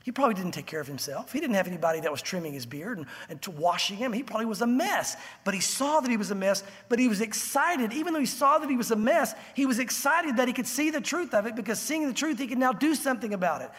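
A man preaching a sermon as a pastor, telling the story with animated acted-out voices. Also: extremely high pitch, fast, hardly any pauses, slightly rough, big-room sound.

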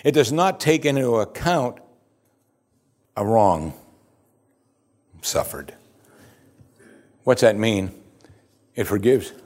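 A man preaching a sermon as pastor, earnest and emphatic, often dropping his voice to a hushed close. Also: medium pitch, expressive, slow pace, long pauses.

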